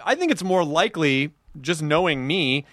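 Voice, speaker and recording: A man's voice: a little high, lively intonation, normal speed, fairly bright tone, dry recording. A man hosting a comedy podcast, trading playful, defensive banter. His slightly raised voice rises and falls freely. He is recorded close and dry. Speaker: podcast host. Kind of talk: casual comedy podcast chat.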